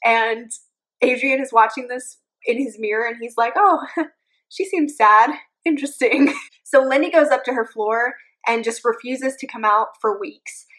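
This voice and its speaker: A young woman recaps a book in a casual, sarcastic vlog manner, with jokey asides. Her voice is on the high side. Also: fairly even intonation, normal speed, fairly bright tone, poor audio. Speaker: book reviewer.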